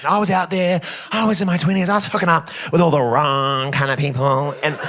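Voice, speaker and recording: A man performing stand-up comedy on a theatre stage, telling self-mocking stories in a camp, animated way. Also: on the high side, a little fast. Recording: loud audience laughter in a theatre.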